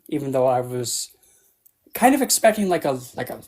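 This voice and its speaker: A man's voice: a little high, sing-song, a little fast, a little mellow. A man who is a book club guest and author, chatting casually and telling meandering anecdotes. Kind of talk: casual livestream chat.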